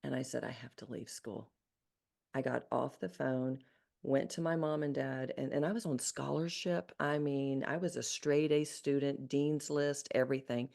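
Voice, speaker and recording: A woman in her sixties from Arkansas with a Southern accent, a guest telling her life story in an earnest, animated way with frequent restarts. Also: very deep voice, normal speed, gravelly. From Arkansas, USA. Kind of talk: storytelling in an interview.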